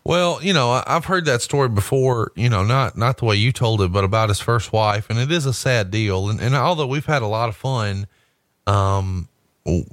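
A man's voice: on the low side, no room sound. Podcast guy, swears a lot, blunt banter, dry close sound. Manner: blunt, profane, animated banter. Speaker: podcast co-host. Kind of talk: casual chat.

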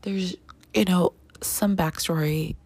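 A woman chatting casually as she reviews a book, gushing with lots of fillers and sudden excited jumps in pitch. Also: takes it slowly, dry recording.

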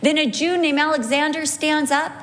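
A middle-aged woman teaching from the Bible, telling lively stories and slowing down to stress key points. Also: sits high. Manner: animated storyteller, slows for emphasis. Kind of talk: sermon teaching with anecdotes.

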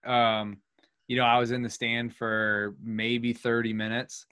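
Easygoing male chatter, mid pitch, dry close recording. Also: flat delivery, measured pace, sharp tone, smooth, no room sound. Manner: easygoing, laughs along. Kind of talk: casual chat.

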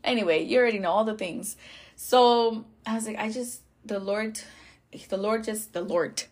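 A woman hosts a podcast and tells a personal faith story in loose, chatty talk. She laughs often and fills her sentences with fillers and restarts, and her pitch sits in a middle range. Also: moderate pace, darkish tone. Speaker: podcast host. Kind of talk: casual faith testimony.

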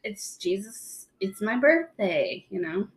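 A woman's voice: medium pitch, very animated, takes it slowly, rough recording. A woman co-hosting a podcast in casual chat, talking at length and laughing often. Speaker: podcast co-host.

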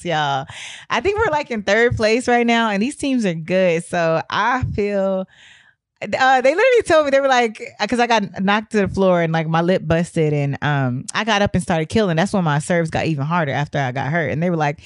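A young woman telling a story in a casual, animated way, her voice hoarse from losing it, laughing and swearing often. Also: lowish voice, normal speed, dry recording, clean studio sound. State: hoarse from a lost voice.

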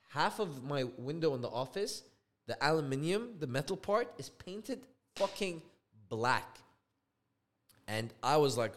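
A man's voice: mid-range voice, a little slow. A young man co-hosting a podcast, telling a story in a casual, profane way and acting out the people he quotes. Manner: animated, profane, acts out quoted dialogue. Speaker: podcast co-host.

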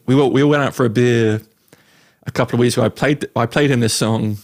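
A man's voice: medium pitch, fairly even intonation, brisk. An English man in casual chat, telling a teasing story. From England.

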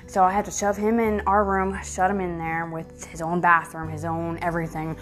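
Chatty lower-voiced woman vlogger. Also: normal speed, faint music behind. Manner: chatty and animated, many fillers, swears, laughs often. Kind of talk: casual storytelling to camera.

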